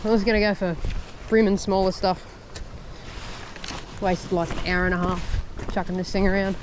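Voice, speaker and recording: Laid-back Australian fishing vlogger. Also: male voice, high-pitched, normal speed, background noise. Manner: laid-back, excitable bursts, slangy. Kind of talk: casual commentary while fishing. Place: outdoors on a shoreline by water.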